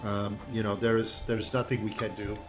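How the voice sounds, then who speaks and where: A tired, blood-spattered midwife talks in halting broken English, grave and plain, as a man at the game table voices her. Her words come slow and simple, with soft music faint behind. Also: fairly low pitch, little pitch movement, natural voice. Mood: somber.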